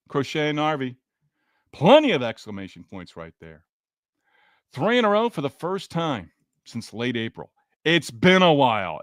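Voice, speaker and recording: A man's voice: medium pitch, a bit bright, dry recording, clean studio sound. Chatty man hosting a baseball podcast. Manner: chatty, greets chatters by name, quick asides. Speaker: podcast host. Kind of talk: casual post-game sports talk reading live chat.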